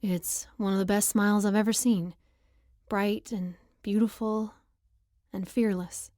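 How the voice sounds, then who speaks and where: A woman playing a confident young male hockey player in an audiobook, teasing and steady in delivery. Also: medium pitch, unhurried, no room sound, studio quality, natural voice.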